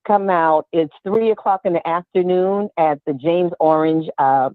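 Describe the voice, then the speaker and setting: A woman's voice: lowish voice, unhurried, dry recording. Woman, panelist, playful and apologetic, phone-line sound, dry. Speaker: radio panelist and play director. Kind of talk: casual radio chat and announcement.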